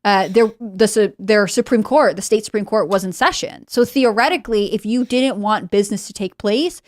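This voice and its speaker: A woman commenting on politics on a panel show, explaining her points in a measured way and checking in with "right?". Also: mid-range voice, no echo, clean studio sound. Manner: measured, explains with tag questions. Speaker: guest commentator.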